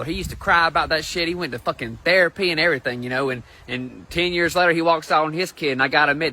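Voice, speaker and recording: A man's voice: on the high side, sharp tone. A man with a Southern US accent delivering a profane, ranting stand-up comedy monologue. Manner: ranting, profane, rapid-fire.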